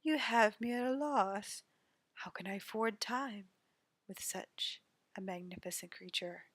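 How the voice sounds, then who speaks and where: A silky male courtesan pours out flattery in a hushed, breathy voice, as a woman reads him. The delivery is slow and unhurried, recorded dry and close. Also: mid-range voice, dry recording. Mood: seductive. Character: smooth flirtatious male courtesan.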